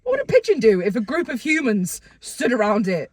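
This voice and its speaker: A young woman chatting on a comedy podcast, laughing often and rambling off on silly tangents. Her voice is husky and fairly high, and it leaps wildly up and down. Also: wildly swooping pitch, a little fast, no echo. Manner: giggly, rambling, jokey. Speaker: podcast co-host. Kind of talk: casual comedic chat.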